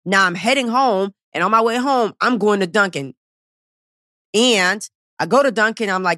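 A woman's voice: medium pitch, animated, normal speed, bright, forceful tone, no echo, clean studio sound. A woman in her thirties hosting a weight loss podcast, blunt and profane, ranting straight at her listeners. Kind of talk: casual podcast monologue.

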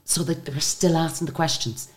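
Irish woman, low voice, fast talker, chatty storyteller, interview guest. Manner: chatty, animated anecdote-telling. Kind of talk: conversational storytelling.

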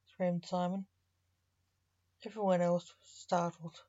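A woman's voice: on the low side, flat delivery, slow, warm tone, no room sound. A woman reading a short story aloud as narrator. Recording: slightly muffled dry recording.

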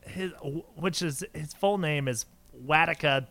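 Giggly bright-voiced podcast host. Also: male voice, fairly high pitch, unhurried. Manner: laughs often, stumbles over names. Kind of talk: casual chat.

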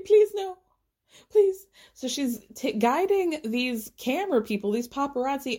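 A woman's voice: medium pitch, a little mellow. A young woman giving casual, sarcastic gossip commentary, swearing freely and laughing. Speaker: vlogger.

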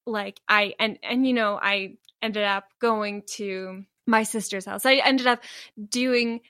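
A woman's voice: mid-range voice, steady tone, slow pace, pushed and bright, smooth, no room sound, studio quality. Candid woman in casual conversation. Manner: candid, laughs often, many restarts.

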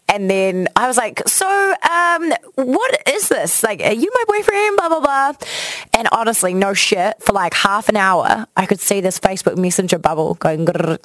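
A woman, a radio host telling personal stories in casual chat, acting out quotes with big jumps in voice. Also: no room sound. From New Zealand. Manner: animated, acts out quotes with big pitch jumps. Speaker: radio host, podcast guest.

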